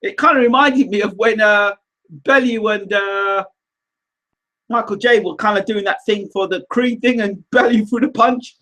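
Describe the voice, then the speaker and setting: Male livestream host, very high voice, animated and teasing, chatty. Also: normal speed. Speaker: live show host reading viewer comments. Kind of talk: casual livestream chat.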